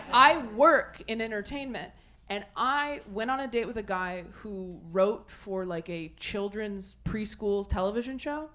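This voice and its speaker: A woman's voice: mid-range voice, unhurried, sharp tone. A woman doing stand-up comedy and chatting with the crowd, rambling along in a self-amused way. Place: comedy club stage with audience. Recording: noisy live club recording.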